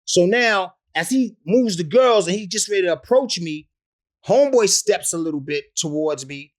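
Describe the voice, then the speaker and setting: A man's voice: high voice, expressive, moderate pace. A man, a rapper telling stories in an interview, profane and laughing often. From the Bronx, New York. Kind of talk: animated storytelling in an interview.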